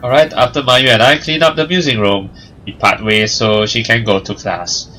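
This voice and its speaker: A man's voice: medium pitch, fairly even intonation, moderate pace, pushed and bright, rough recording. Young male let's-play host, sarcastic asides, mid voice, faint music behind him. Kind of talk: casual let's play, reading narration aloud.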